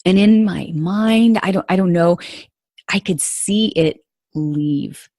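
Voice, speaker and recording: A woman's voice: lowish voice, takes it slowly, dark tone, dry recording, studio quality. A woman hosting a podcast, telling a personal story in an earnest, confiding way and speaking straight to her listeners. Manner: earnest and confiding, addresses listeners as "you guys". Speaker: podcast host.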